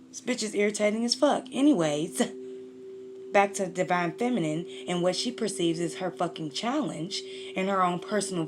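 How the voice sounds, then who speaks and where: A woman's voice: medium pitch, slight background noise. Blunt, profane woman reading tarot. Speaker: tarot reader.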